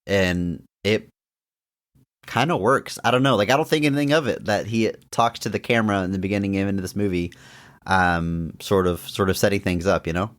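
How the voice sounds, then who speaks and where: A young man talks through a film on a casual podcast in a low voice. He laughs often, and his pitch leaps up whenever something excites him. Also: brisk. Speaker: podcast co-host. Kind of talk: casual movie review chat.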